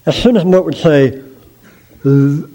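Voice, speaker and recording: A middle-aged male preacher giving a sermon in a folksy, animated storytelling manner, joking about himself. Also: on the high side, a little slow.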